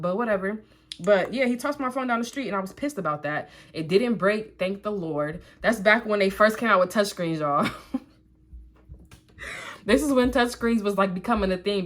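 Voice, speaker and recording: A young woman talks to her viewers through a personal story as she puts on makeup, speaking in a medium-pitched voice. She's lively and chatty, filling her speech with asides and "like," and keeps things easy and conversational from start to finish as a vlogger.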